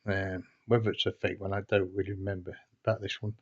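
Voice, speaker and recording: A man recounts a tale in a casual, meandering way. He hesitates often and restarts his sentences, and his voice sits fairly low. The recording sounds dull and lo-fi. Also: little pitch movement, fast, husky. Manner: hesitant and rambling, frequent restarts. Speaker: storyteller. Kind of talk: casual anecdotal storytelling.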